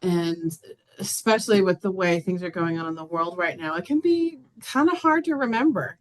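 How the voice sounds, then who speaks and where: A young woman sharing in a casual church group chat, quick and gentle with many fillers. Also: lowish voice, lively intonation.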